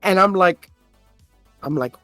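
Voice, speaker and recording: A man's voice: high voice, slow, bright, forceful tone, no echo, soft background music. A man on a podcast, casually telling a story, swearing often and getting worked up as he retells an argument. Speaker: podcast host. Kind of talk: casual chat.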